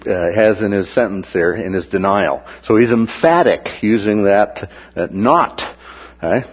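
A man's voice: fairly low pitch, breathy edge, in a large hall, lo-fi sound. A man teaching through a Bible passage in a conversational way, with many "uh" and "right?" asides, sometimes acting out the quoted voices.

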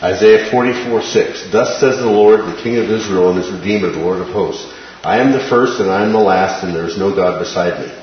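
Male Bible teacher with a low voice, explaining verses and checking in with "right?", in a boomy room with a dull, lo-fi sound. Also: brisk. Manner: explanatory, quotes scripture, checks in with "right?" and "okay?". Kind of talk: Bible study lesson. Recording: very echoey, dull room sound with faint hiss.

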